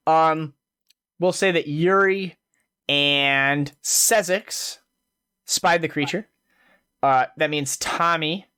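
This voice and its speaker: A man's voice: mid-range voice, sharp tone, clear, resonant tone. A man narrating and running a tabletop fantasy game as game master, in a casual way with many fillers.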